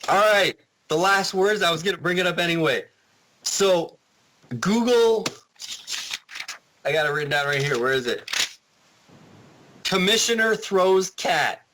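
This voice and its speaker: A man guesting on a podcast, with a slightly higher voice than most men. He rambles in animated bursts and restarts his sentences often. He keeps it casual and chatty throughout. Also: measured pace, pauses often, noisy background.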